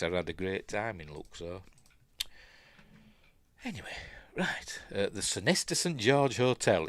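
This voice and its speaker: A man with a Yorkshire accent gives a relaxed, rambling film breakdown, drifting into asides. His voice sits fairly low but swings a lot in pitch. The recording is dry and close. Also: dry recording. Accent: Yorkshire English. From Yorkshire, England. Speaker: film reviewer. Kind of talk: casual film breakdown commentary.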